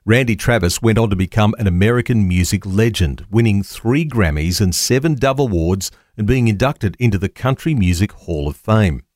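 A man reads a scripted radio devotional in a low voice, with plenty of rise and fall as he tells the story. The recording is dry and close, with no room sound. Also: lively intonation, moderate pace, few pauses, darkish tone, dry recording. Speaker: devotional reader.

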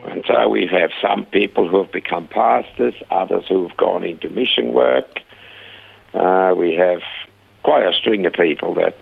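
A man guest telling lively stories about his ministry, acting out the people he quotes, heard over a phone line. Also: low voice, moderate pace, gravelly, slightly rough, no room sound. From Australia. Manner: animated storyteller, acts out quoted voices. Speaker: guest, rehab ministry founder. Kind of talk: conversational storytelling interview. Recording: dry phone-line sound.

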